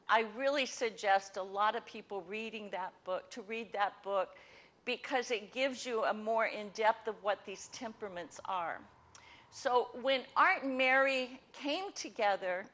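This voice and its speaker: A woman hosting a ministry talk show, explaining ideas with lively acted-out examples before turning to her guest. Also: on the high side. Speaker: host.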